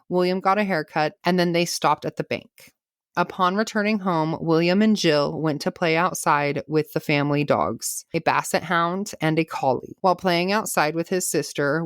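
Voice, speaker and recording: A woman's voice: sits low, dry recording, studio quality. A woman hosting a true crime podcast, reading out a case with casual asides and laughs. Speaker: podcast host.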